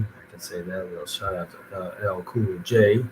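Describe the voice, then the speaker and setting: A man's voice: low voice, fairly even intonation, normal speed, background noise. A man hosting a show where he writes rap lyrics aloud, musing and half-rapping lines as he tries them out. He is a father. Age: adult with a daughter. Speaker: podcast host writing rap lyrics. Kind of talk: thinking aloud while writing rhymes.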